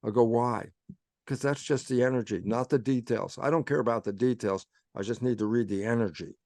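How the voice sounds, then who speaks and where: Brisk and darkish at a medium pitch, a man's voice is recorded at studio quality with no echo. He gives a guest talk that explains through narrative, acting out quotes with "I say" and "I go" and reinforcing points via rhetorical questions.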